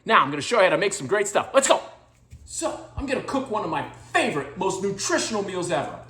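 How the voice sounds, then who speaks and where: A woman's voice: medium pitch, fast talker, reverberant. Woman playing a clueless goofy cooking guy. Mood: goofy boastful. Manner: boastful, deadpan silly, jumpy loudness. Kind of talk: comedy sketch monologue.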